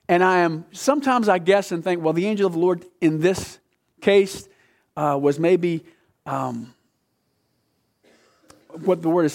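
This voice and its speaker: Male pastor, fairly high pitch, earnest sermon delivery that rises for quotes and sinks for emphasis. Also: creaky. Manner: earnest, voice climbing high when quoting, dropping low to drive points home.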